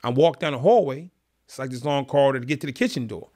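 A man calmly and vividly telling a story in an interview, in a streetwise manner. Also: mid-range voice, quick pace. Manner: calm, streetwise, vivid retelling. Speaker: guest.

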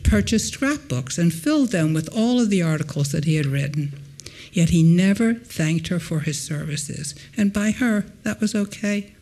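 A woman historian giving a lecture in a hall before an audience. She reads a prepared text aloud with expressive rises and falls and adds short spoken asides. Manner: expressive reading with wide swings in pitch and loudness; adds brief spoken asides between readings.

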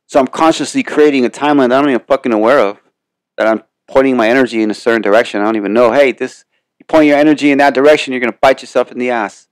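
A male podcast host talks through a casual motivational monologue, rambling and full of swearing. His voice sits at an ordinary middle pitch and lands with blunt emphasis. The sound is dry and close, with no room echo. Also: fairly even intonation, very fast, clean tone.

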